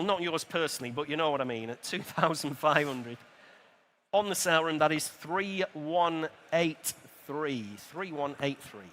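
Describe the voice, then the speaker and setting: A man working as an auctioneer, calling motorcycle bids in a brisk, rhythmic patter with quick friendly asides to bidders. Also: sits high, pushed and bright. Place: motor show sale room. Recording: reverberant large exhibition hall.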